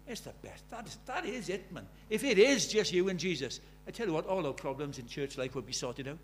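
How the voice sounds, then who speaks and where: A man preaching a sermon, animated, shifting from loud emphatic lines to quiet asides. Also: a little high, brisk, few pauses, slight background noise.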